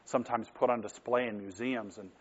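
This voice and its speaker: Middle-aged male pastor, earnest conversational sermon, mid pitch, muffled lo-fi recording. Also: steady tone, brisk. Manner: earnest, conversational preaching with rhetorical questions.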